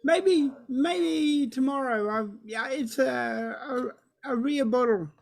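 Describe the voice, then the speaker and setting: A woman's voice: high-pitched, takes it slowly, gravelly, exaggerated voice. A woman voicing a polite, evasive male vampire host in a tabletop game, hesitant and repeating herself. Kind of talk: tabletop role-play.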